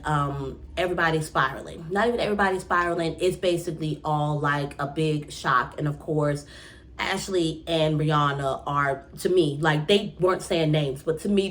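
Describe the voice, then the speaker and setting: Exasperated young woman ranting a recap. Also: low voice. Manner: exasperated, animated, restarts often. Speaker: TV recap vlogger. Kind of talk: casual rambling recap monologue.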